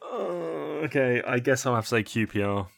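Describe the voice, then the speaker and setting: A man's voice: mid-range voice, fairly even intonation, quick pace, fairly bright tone. Hesitant man guessing quiz answers. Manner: hesitant, fills with ums, laughs easily. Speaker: quiz contestant. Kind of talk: casual chat.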